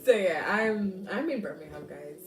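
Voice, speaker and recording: A woman's voice: lowish voice, lively intonation, normal speed, distant mic, a little hiss or hum. Chatty woman on a livestream. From Jamaica. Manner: chatty, laughs often, thinks aloud with fillers. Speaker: livestream host. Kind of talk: casual live chat reading comments. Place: home, living in England. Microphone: phone or tablet. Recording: roomy sound from off mic, loud music behind.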